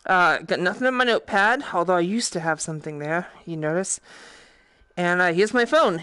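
A woman with a Boston accent talks through a VR game in loose let's-play commentary. She swears freely and reacts excitably, her pitch leaping up and down. The sound is dry and close, with no room echo. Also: normal speed, clear, resonant tone. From Boston, USA. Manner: profane, excitable, thinking aloud. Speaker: VR game streamer.

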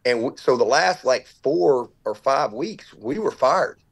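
A man's voice: mid-range voice, expressive, unhurried, gravelly. A middle-aged man, a football coach telling his story as a guest, earnest and tumbling, acting out what others said to him. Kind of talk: storytelling in an interview.

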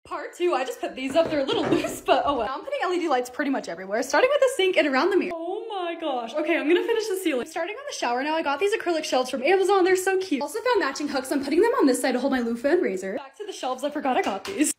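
A woman's voice: sits high, sing-song, racing, few pauses, a crowd in the background. Bubbly young woman narrating her own vlog. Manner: bubbly, self-mocking, upbeat. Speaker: lifestyle creator.

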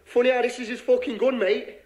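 A man's voice: very high-pitched, steady tone, fast, a little mellow. An actor playing a furious, cursing young man who confronts a gangster. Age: young adult.

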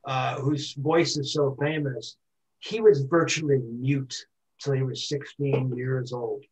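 An older man giving a talk on a video call, speaking haltingly and repeating words as he stutters. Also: medium pitch, steady tone, roomy sound, recorded from a distance. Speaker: guest speaker.

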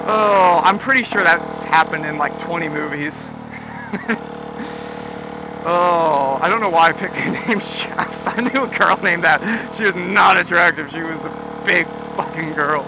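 A man's voice: a little high, unhurried. A young man telling a rambling, profane story in a casual vlog, full of fillers and laughter. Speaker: vlogger. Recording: clear background noise.

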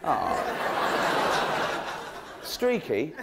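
A man's voice: a little high, wildly swooping pitch, extremely slow, vocal fry. Giggling man doing stand-up. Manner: cheeky, giggling, rambling asides. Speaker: stand-up comedian. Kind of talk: stand-up comedy routine. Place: comedy stage before an audience. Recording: noisy live stage recording.

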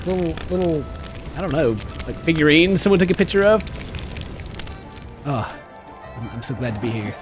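A man giving comedic gameplay commentary, joking around and shouting at game characters. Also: fairly high pitch, lively intonation, normal speed, pauses often. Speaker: gaming channel host. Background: game music.

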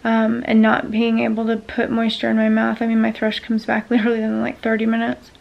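Raspy-edged woman venting in a vlog. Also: fairly high pitch, monotone, brisk, muffled recording. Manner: frustrated, venting, many ums. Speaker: vlogger sharing a medical experience. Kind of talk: casual talking-to-camera vlog.

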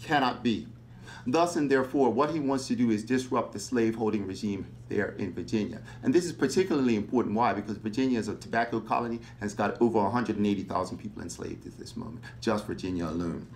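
A man giving a public history lecture, animated and fond of rhetorical questions. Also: fairly low pitch, quick pace, a little hiss or hum.

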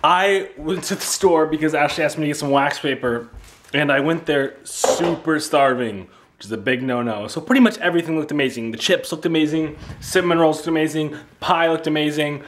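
A man's voice: a little high, a little fast, a little hiss or hum. A young man with an American accent talking casually to a handheld camera at home, chatty and easily distracted. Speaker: vlogger. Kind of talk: casual family vlog chat. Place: family home, indoors.

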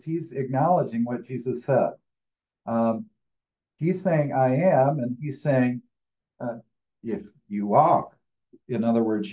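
Man, Bible study leader, conversational, loose, restarts his sentences, mid-pitched voice. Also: mellow, muffled recording. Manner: informal, thinks aloud with fillers and restarts. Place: church.

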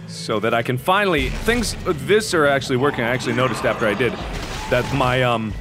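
A young man in his twenties doing loud, excitable gaming commentary, swearing and yelling at enemies. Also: medium pitch, fairly quick, music in the background. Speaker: let's play host.

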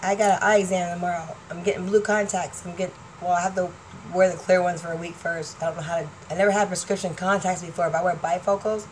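A woman's voice: on the low side, fairly even intonation, quick pace, low-quality recording. Woman, 40s, vlogger; chatty and scattered, laughs a lot, faint noise behind. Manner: chatty, laughing, jumps between topics. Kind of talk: rambling casual chat to fans.

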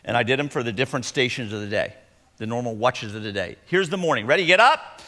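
A middle-aged man preaching a sermon as pastor in a conversational, animated way. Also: mid-range voice, fast. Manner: conversational, acts out sighs and groans. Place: church sanctuary. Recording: long hall reverb.

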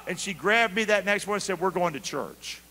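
A pastor preaches in a high, lively voice at a brisk pace, calling out for responses from the congregation. He swings between quiet asides and loud shouts, and the recording carries a long hall reverb.

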